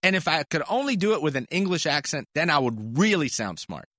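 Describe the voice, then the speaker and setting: A man hosts a call-in sports medicine radio show in an animated, chatty way. His voice is bright and a little high. It sits close and dry on the studio mic. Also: fairly quick, no echo. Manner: animated, chatty, laughs easily.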